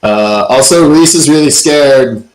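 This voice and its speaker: A man voicing a nervous male ship crewman who reports bad news in halting bits, in an echoey room. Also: medium pitch, close to an everyday voice. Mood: uneasy.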